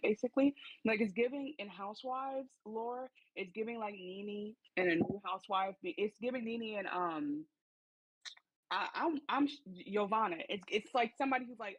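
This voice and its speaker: A woman's voice: medium pitch, moderate pace, lo-fi sound. A woman co-hosting a podcast, giving blunt opinions in slangy casual chat with lots of fillers. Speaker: podcast co-host.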